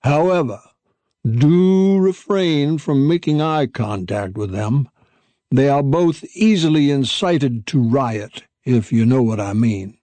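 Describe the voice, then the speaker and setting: A man's voice: medium pitch, takes it slowly, mellow, no echo, natural voice. Rex, a pompous old dog, read by a man. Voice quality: pompous, old-fashioned diction. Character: old male dog, formal, self-assured, wry.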